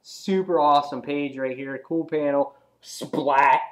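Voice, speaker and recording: A man giving a casual, excitable comic book review, rambling with lots of "he's like" asides. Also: on the high side, unhurried.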